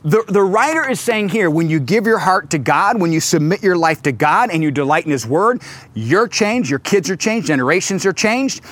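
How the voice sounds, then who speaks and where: A middle-aged pastor preaching a sermon into a stage microphone. His voice sits a little high for a man, and he tells stories in an animated way, acting out quotes. He slows down to stress scripture. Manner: animated storytelling with acted quotes.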